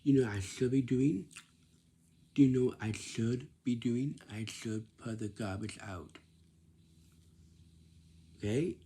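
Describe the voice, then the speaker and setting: A man talking casually to camera with job-hunting advice in simple, plain words, often halting and repeating himself as he lectures. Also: mid-range voice, dark tone, husky. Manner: repetitive, halting, restarts phrases often.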